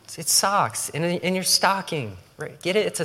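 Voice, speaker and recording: A male pastor preaches with a bright, forceful voice, in a casual, joking way. He often slips into quoted voices for effect. The sound rings with the long reverb of a large church hall. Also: on the high side, very animated, moderate pace, slight background noise. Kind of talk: sermon.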